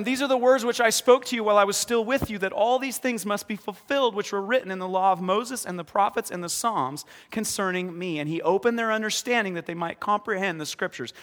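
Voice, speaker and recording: A man preaching as pastor in a church, lively, acting out scripture scenes with sudden shouts. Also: sits high. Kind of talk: sermon. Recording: long reverb of a hall.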